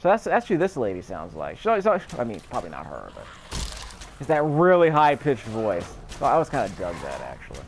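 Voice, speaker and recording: A man's voice: mid-range voice, huge pitch swings, a little fast, slight background noise. Chatty man rambling over gameplay. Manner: rambling, self-correcting, chatty. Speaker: gameplay commentator. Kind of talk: casual let's-play commentary.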